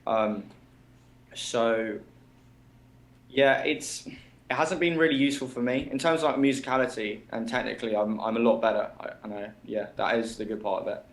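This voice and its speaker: A man's voice: medium pitch, fairly even intonation. Young British man, music student, hesitant and considered, roomy sound. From Britain. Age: young adult. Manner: measured, thinking aloud with hesitations. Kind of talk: casual chat. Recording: roomy echo.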